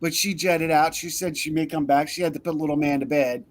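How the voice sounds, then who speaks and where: Upbeat host man, fairly high voice. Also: fairly even intonation, fairly quick. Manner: upbeat, playful, greets people by name. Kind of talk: casual chat. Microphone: video call.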